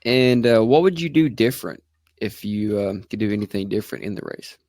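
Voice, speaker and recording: A man hosting a podcast, asking questions in a relaxed, drawling way. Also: on the low side, fairly quick, dry recording, clean studio sound. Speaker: podcast host. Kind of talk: casual podcast interview.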